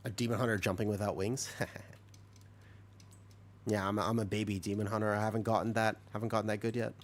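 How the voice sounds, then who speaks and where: A man with a fairly low, quick voice streams a game and chats with his viewers. Though a little sick, he explains things patiently, stays lively and talkative, and laughs often in this casual gaming chat.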